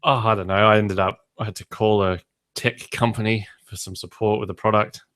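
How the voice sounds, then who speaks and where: A man's voice: fairly low pitch, steady tone, brisk, fairly bright tone, dry recording. A man hosting a podcast in casual chat, telling wry anecdotes and acting out the other people's voices. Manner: dry, wry storyteller who acts out other voices. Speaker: podcast host.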